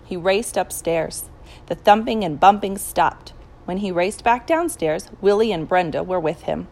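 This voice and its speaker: Female audiobook narrator, kids' fiction, animated delivery, some vocal fry. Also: on the low side, a little slow, poor audio. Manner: expressive storytelling.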